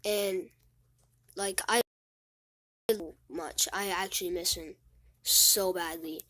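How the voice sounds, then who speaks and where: Halting, sad teenage girl. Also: lowish voice, fairly even intonation, sharp tone. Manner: halting, rambling, repeats words; sad, close to tears. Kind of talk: casual vlog monologue.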